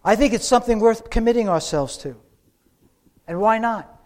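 A man preaching a sermon, telling a story with slow, dramatic pauses. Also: sits high, a little mellow.

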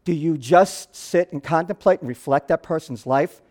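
A man pastor preaching a sermon, telling the story in an animated way that swings between loud and hushed. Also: a little high, normal speed.

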